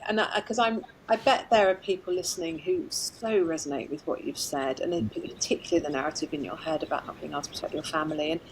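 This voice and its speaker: A woman psychologist talks as a guest in a relaxed interview. She is expressive and emphatic, with a voice sitting on the lower side, and laughs easily. A faint hum sits behind her. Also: poor audio. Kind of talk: conversational podcast interview.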